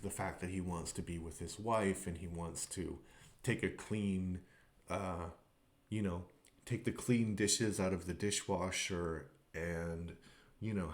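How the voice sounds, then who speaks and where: A man talking casually in a podcast review, rambling with many fillers and restarts. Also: sits low. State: tearful at times.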